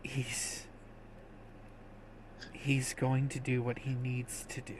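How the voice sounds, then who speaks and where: Slow, soft-spoken male game master. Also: medium pitch, monotone, a little hiss or hum, low-quality recording. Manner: slow, soft narration with quick asides. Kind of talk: narrating a tabletop game.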